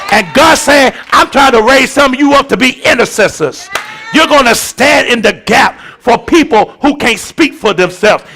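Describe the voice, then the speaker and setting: Gravelly, fiery preacher man. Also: extremely high pitch. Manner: shouting, rhythmic preaching with colloquial asides. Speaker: bishop preaching. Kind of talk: sermon.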